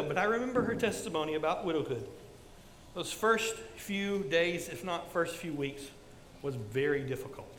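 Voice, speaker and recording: A man around sixty preaches in an echoing hall with long reverb, his voice pitched high for a man. He presses his points through repetition, then drops soft for a personal story. Faint room ambience hangs behind him. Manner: earnest, repetitive exhortation, drops soft for stories. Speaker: pastor. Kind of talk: sermon.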